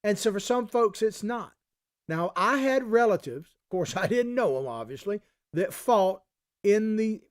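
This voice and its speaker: A man's voice: fairly high pitch, clean tone. A man from Florida with an old Southern Florida cracker accent, hosting a live political talk show in a folksy, chatty way.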